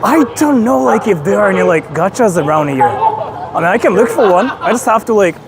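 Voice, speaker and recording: A young man from Japan chatting casually on a livestream as he walks through city streets. He is excitable, swears a lot and bursts into shouts. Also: high-pitched, brisk, a loud crowd. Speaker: streamer. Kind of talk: casual livestream chat while walking. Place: busy city street outdoors. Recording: street noise behind.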